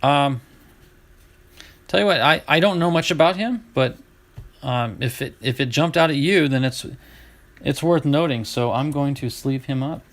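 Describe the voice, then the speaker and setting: Mid-aged dude with a bit of fry, chatty host reading off cards to his chat. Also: medium pitch, moderate pace, pauses often. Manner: chatty, talks to chat viewers while sorting cards. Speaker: card breaker host. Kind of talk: casual live card-opening chat.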